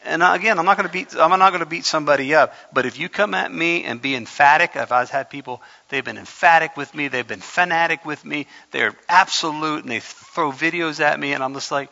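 Gravelly preacher in an echoing hall. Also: male voice, on the high side, fairly quick, few pauses, sharp tone, highs cut off. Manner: conversational, rising to impassioned. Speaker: pastor. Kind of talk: sermon.

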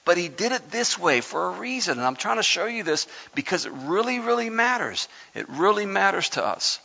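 A man's voice: high voice, big pitch swings, moderate pace, vocal fry, pushed and bright. A man preaching a sermon conversationally, reading scripture with dramatic emphasis. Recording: lo-fi sound in a reverberant hall.

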